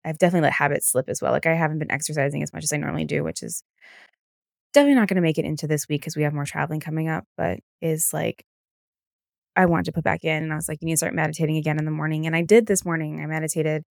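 A woman's voice: low-pitched, steady tone, very fast, vocal fry, no echo, clean studio sound. A tired young woman hosting a podcast on her own. She rambles in a casual chat, packs her talk with fillers and swears freely. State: tired, yawning. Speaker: podcast host.

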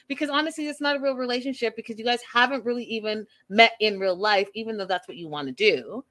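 A woman's voice: fairly high pitch, a bit bright. Blunt woman recapping a reality show. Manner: blunt, exasperated, talks straight to the cast. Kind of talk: casual commentary.

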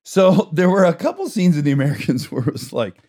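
A man's voice: fairly high pitch, big pitch swings, fast, warm tone. A man hosting a podcast, chatting with his guest in an enthusiastic way and laughing between thoughts. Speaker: podcast host. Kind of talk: casual interview chat.

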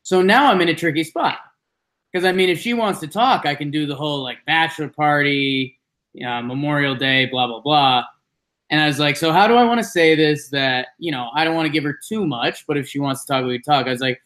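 A man's voice: a little fast, fairly bright tone. Chatty man telling a rambling story. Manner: rambling storyteller, acts out quotes with jumps in pitch. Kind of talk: casual chat.

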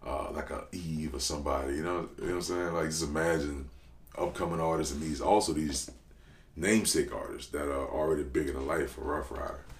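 Very deep-voiced New man, roomy. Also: a little fast, slight background noise. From New Orleans. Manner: animated, slangy, loud bursts when telling stories. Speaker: podcast guest, rapper. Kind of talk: casual storytelling interview. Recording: roomy echo.

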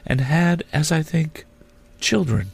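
A man voicing the Ghost, a calm, gentle spirit, in a higher, measured and otherworldly voice. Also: gravelly, breathy edge, exaggerated voice.

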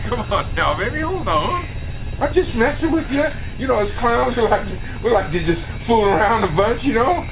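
A man's voice: very high-pitched, big pitch swings, moderate pace, exaggerated voice, rough recording. An actor playing a crude, mocking middle-aged male clown in a film scene, music underneath. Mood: coaxing. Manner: crude, teasing, drawling.

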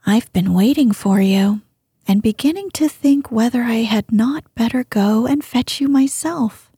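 A kindly old grandmother with a soft, breathy, soothing voice, as a woman reads her in a storybook tale, slow and mellow, recorded close and dry. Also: on the high side, no echo, full character voice. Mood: gentle. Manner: gentle, soothing.

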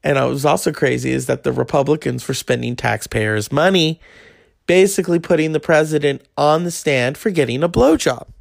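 A man's voice: a little high, brisk, vocal fry, no room sound, clean studio sound. A man in his thirties telling a rambling, crude story in a casual monologue. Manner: crude, rambling, acts out quoted voices. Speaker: podcast host.

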